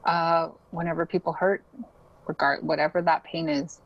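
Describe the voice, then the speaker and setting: A woman's voice: sits low, flat delivery, normal speed, muffled recording. A young adult woman chatting casually as a podcast guest, laughing often and filling her talk with likes and ums. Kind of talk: casual interview chat.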